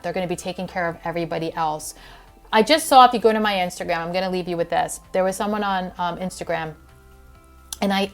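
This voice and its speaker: Earnest woman podcast host. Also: fairly low pitch. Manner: earnest, heartfelt, with filler words and restarts. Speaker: podcast host and functional health practitioner. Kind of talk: casual podcast monologue.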